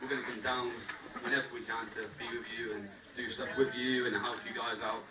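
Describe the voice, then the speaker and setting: A man's voice: mid-range voice, little pitch movement, brisk, background noise. A young man giving a jokey, thankful groom's speech at his wedding and talking straight to the guests. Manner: jokey, thankful, addresses the crowd directly. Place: wedding reception hall. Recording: echoey hall, mic far off, loud crowd. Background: guests laughing and chattering.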